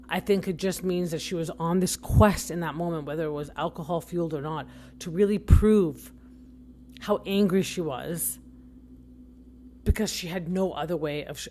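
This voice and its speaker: A woman's voice: on the low side, mellow, a little hiss or hum. A young adult woman hosting a podcast, giving casual opinion commentary in a chatty, rambling way with frequent self-corrections. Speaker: podcast host.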